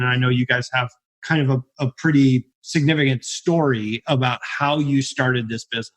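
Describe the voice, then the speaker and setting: A man hosting a podcast, chatting in an upbeat, casual way as he introduces and questions his guest. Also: medium pitch. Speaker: podcast host. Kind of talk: casual interview conversation.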